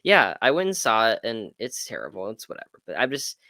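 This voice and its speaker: A man co-hosting a podcast, chatting casually about sports and acting out quotes in an animated way. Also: on the low side, fairly quick, no echo, clean studio sound. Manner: animated, acts out quotes with swearing. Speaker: podcast co-host. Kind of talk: casual sports debate chat.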